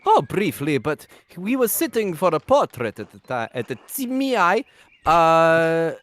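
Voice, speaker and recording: A man voicing a lively genteel nobleman. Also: on the high side, measured pace, no room sound. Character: genteel gossipy nobleman, middle-aged male art lover. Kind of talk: live voice-over of game dialogue.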